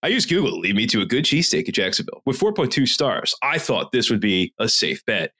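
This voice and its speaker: A man's voice: medium pitch, very animated, quick pace, pushed and bright. A man co-hosting a casual podcast, ranting with a lot of swearing and reading reviews aloud. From Philadelphia area. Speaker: podcast co-host.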